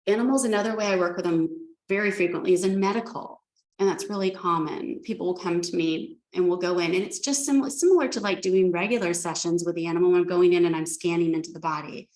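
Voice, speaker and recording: In an echoey room, a woman talks fast in a low, darkish voice about her work as an animal communicator. Her spiritual storytelling is chatty and full of restarts.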